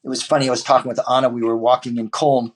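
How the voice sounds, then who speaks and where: Man, husky voice, martial arts teacher, podcast guest, rambling casual talk, frequent restarts and fillers. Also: medium pitch, level tone, very fast.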